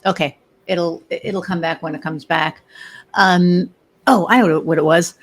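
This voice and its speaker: A middle-aged woman who owns a business appears as a podcast guest, telling stories in casual chat as an animated storyteller who acts out the voices of the people she quotes. Her voice is on the low side and a little slow.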